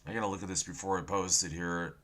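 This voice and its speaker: A man hosting an end-times prophecy channel, talking loudly and excitedly while browsing news, with a sore throat and a habit of saying "folks". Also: low-pitched, fast. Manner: loud and excited, often yelling, says "folks" constantly.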